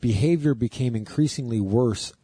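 A man's voice: medium pitch, normal speed, slightly rough, no echo. A man co-hosting a radio talk show, chatting casually and acting out voices as he tells stories. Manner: animated storyteller, acts out voices. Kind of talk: casual chat.

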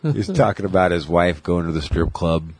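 Animated, husky-voiced joking man. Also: moderate pace, no room sound. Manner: animated, joking, does loud high-pitched impressions. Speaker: podcast co-host. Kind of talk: crude casual chat.

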